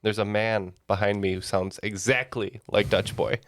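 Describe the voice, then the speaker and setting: A man's voice: fairly low pitch, steady tone, moderate pace, no room sound. A man co-hosting a podcast, telling a story in a casual, dry, playful way. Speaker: podcast co-host. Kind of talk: casual chat.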